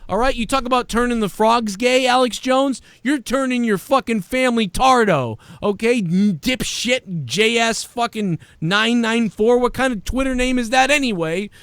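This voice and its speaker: High, bright-voiced ranting man. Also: normal speed, few pauses, clean tone, no echo. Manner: profane, combative, insulting; sarcastic, mocking. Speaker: show host reading viewer donations. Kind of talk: casual livestream rant.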